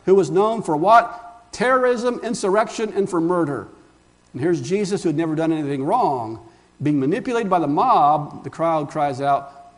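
A man's voice: high-pitched, animated, normal speed. A male pastor preaching a sermon emphatically, asking rhetorical questions and calling the congregation friends. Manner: addresses listeners as friends.

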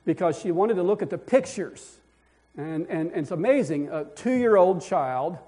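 Older male preacher, high-ish voice, folksy and rambling, chuckles, lots of restarts. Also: a little mellow. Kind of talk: folksy storytelling sermon.

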